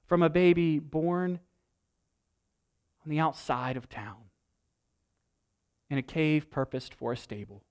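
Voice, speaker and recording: Animated man preaching a sermon. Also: a little high, slow pace, pauses often, clean tone. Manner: animated storytelling, rising to emphatic peaks. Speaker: pastor.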